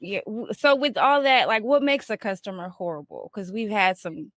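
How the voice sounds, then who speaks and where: A woman's voice: mid-range voice, animated, fairly bright tone, no echo. A woman and former exotic dancer who frankly steers a casual chat and draws out her points. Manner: frank, drawn-out, sets up topics.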